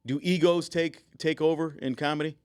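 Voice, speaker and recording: A man hosting a casual podcast interview, relaxed and affirming, asking questions in between short replies. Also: a little high, normal speed, smooth, no room sound, studio quality. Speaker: podcast host.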